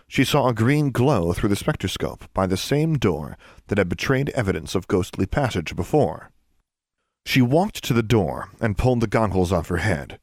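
In a dry, studio-quality recording, a man with a fairly low voice narrates an audiobook, reading in a steady, measured way.

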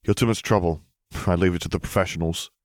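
A man's voice: deep voice, steady tone, fast, dry recording, lightly acted. A man voicing Zev, a sassy, curious young man with a dry, teasing way of talking. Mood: wry.

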